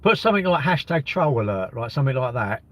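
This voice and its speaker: A man's voice: medium pitch, sing-song, fast talker, a bit bright. A man chatting casually on a live stream, reading viewers' comments aloud and mocking trolls bluntly.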